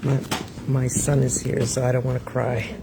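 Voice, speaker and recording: Low gravelly woman holding back tears. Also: little pitch movement. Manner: emotional, keeps pausing and addressing viewers. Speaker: livestreamer. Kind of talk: live stream talk to viewers. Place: home room with a fan running. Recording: noisy home livestream with fan hum.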